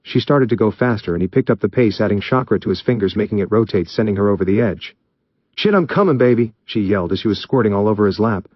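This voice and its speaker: A man with a low voice reads a story aloud in steady, even narration. The recording is dull and muffled, with a dry, close sound and no room echo. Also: fast, hardly any pauses. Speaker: story reader. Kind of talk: reading fan fiction aloud.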